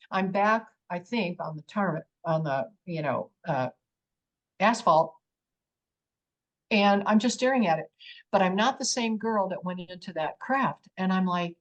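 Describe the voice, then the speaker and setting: A middle-aged woman giving a personal testimony in an interview, telling her story with animation and acting out her own exclamations. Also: mid-range voice. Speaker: guest.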